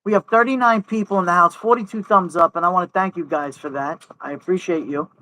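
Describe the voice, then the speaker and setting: Fast-talking and high-pitched, he sounds bright and forceful despite poor audio. This Brooklyn livestream host is outdoors on a windy night under an umbrella, keeping the live chat casual and jokey in thick New York speech.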